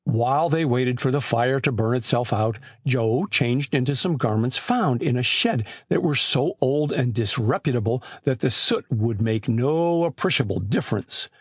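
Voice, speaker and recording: A man narrating an audiobook with expressive, scripted storytelling on a close mic. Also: mid-range voice, normal speed, few pauses, breathy edge, dry recording.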